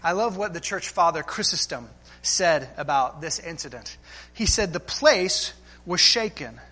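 A pastor delivers a sermon in a high voice. His tone is bright and ringing, and he leans on rhetorical questions, checking in with "right?" and addressing the listeners as friends.

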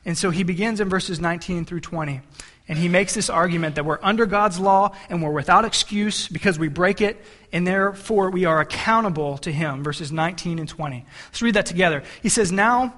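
Man, pastor, sermon, high-pitched, conversational, repeats and restarts words. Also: brisk, a bit bright. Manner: conversational, storytelling with asides to the congregation.

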